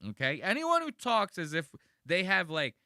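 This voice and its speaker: A man giving casual reaction commentary on a video, animated and mocking, swearing often. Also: sits high, normal speed, dry recording, clean studio sound.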